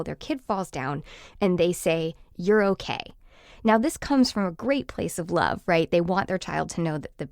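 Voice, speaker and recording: A woman in her thirties, a parenting expert explaining her advice on a podcast in a reassuring way, sometimes acting out gentle lines to a child. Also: fairly low pitch, no echo, studio quality.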